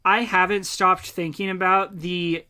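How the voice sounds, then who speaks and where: A man's voice: sits high, little pitch movement, a little slow, pushed and bright, clean tone. A young man, co-hosting a podcast in blunt, profane, enthusiastic casual chat. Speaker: podcast co-host.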